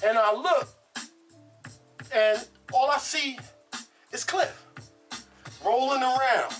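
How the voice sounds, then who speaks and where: A woman casually telling a true story in an animated, profane way, laughing as she goes. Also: high-pitched, slow, soft background music.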